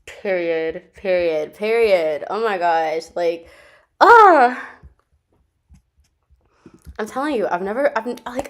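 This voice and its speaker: An excited woman reacts to music videos, her voice sitting at a middle pitch. She talks straight to her viewers, repeating herself with gusto and leaning hard on every point. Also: slow, pauses often. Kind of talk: casual reaction commentary.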